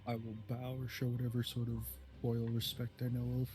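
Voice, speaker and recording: A man's voice: medium pitch, monotone, fairly quick, over music. A man playing in a tabletop game, chatting casually with laid-back, wry remarks. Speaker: player.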